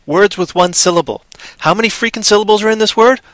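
A man's voice: sits high, fast talker, fairly bright tone, no room sound. A man hosting a casual live show, talking in a hyper, playful way full of wordplay. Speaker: show host.

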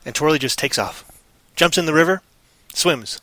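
A man's voice: medium pitch, expressive, a little fast, sharp tone, dry recording. A man co-hosting a livestream, rambling through silly made-up stories in a goofy, random way. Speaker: stream co-host. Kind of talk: silly improvised storytelling on a livestream.

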